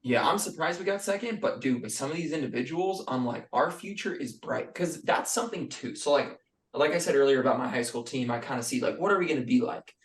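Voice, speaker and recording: A man co-hosting a casual podcast, excitedly retelling his reactions with lots of filler words. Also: medium pitch, brisk, reverberant, distant mic. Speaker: podcast co-host. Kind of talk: casual chat.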